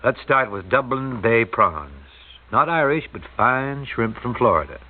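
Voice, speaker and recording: A man's voice: medium pitch, expressive, a little slow. A man hosting a radio show, talking in a folksy, joking, conversational way. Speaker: radio host. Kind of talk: chatty radio talk. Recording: tinny old radio broadcast.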